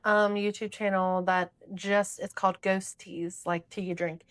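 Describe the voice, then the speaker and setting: A woman's voice: mid-range voice, flat delivery, unhurried, dry recording. A woman with a mid-range voice chats with her co-host, teasing him at times and easily telling stories. The recording is close and dry. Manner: chatty, teasing. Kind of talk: casual chat.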